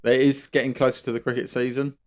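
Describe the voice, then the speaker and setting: A man's voice: medium pitch, level tone, fast. An Englishman co-hosting a podcast in casual chat, easygoing and agreeable, laughing along with his co-host.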